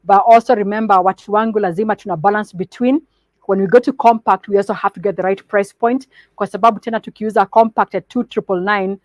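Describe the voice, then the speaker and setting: A woman's voice: medium pitch, steady tone, dry recording. Kenyan woman presenting, dry close sound. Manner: mixes English and Swahili mid-sentence, measured and instructive. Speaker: company presenter. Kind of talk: business presentation to partners.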